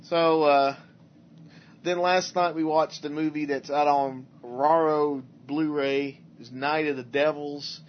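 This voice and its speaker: A man's voice: a little high, fairly even intonation, a little hiss or hum. A man casually chatting about movies as a podcast co-host, rambling and restarting often, recorded on a dull lo-fi setup. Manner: rambling, halting, many restarts and fillers. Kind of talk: casual chat.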